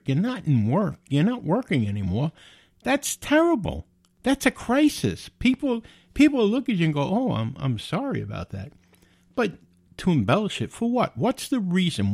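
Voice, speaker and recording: A man's voice: fairly high pitch, wildly swooping pitch, normal speed, a little mellow, breathy edge, dry recording, studio quality. A middle-aged man hosting a podcast, talking bluntly in a casual monologue and often repeating and restarting words. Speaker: podcast host.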